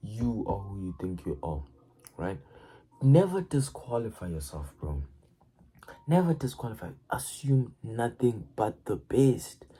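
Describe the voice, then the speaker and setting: A woman giving a casual, profane motivational rant, excitable and stammering as she repeats her words. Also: a bass voice, a little slow, husky, poor audio. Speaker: motivational vlogger.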